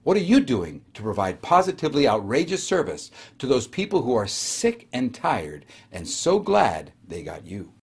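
A man telling a lively motivational story about a phone call, acting out both sides with a husky voice. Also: mid-range voice, moderate pace, hardly any pauses. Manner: animated, acts out a phone call. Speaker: guest speaker.

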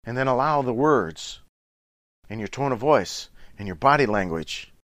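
A man's voice: medium pitch, lively intonation, a little slow, fairly bright tone, dry recording. A middle-aged man giving an earnest, instructive talk on relationships, coaching his listeners. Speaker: relationship speaker.

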